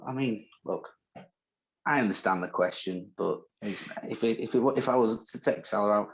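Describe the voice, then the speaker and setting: A man's voice: on the low side, moderate pace, vocal fry, rough recording. A man with a northern English accent, co-hosting a podcast in casual, teasing banter. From northern England. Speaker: podcast co-host. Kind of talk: casual chat.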